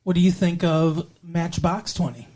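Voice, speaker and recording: A man's voice: a little high, moderate pace, mellow. A man co-hosting a podcast in casual chat, joking and teasing, often slipping into silly voices. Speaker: podcast co-host.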